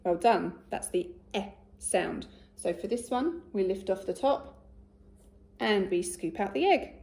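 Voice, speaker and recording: A woman teacher giving a recorded phonics lesson to young children, speaking slowly and clearly and praising often. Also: medium pitch, lively intonation, darkish tone. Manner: slow, clear and encouraging, with much praise. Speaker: primary school teacher.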